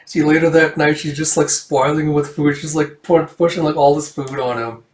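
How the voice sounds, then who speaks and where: A man's voice: on the high side, steady tone, moderate pace, echoey room. Man chatting loosely through a comic. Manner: rambling, full of "it's like" and "like". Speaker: comic book reader and reviewer. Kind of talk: casual read-through narration.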